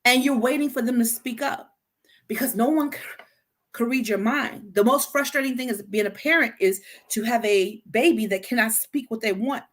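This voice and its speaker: A woman hosting a casual talk on healthy communication, speaking straight to her listeners, animated and stumbling into frequent restarts and repeated words. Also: on the high side, normal speed. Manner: addresses listeners directly. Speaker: podcast host.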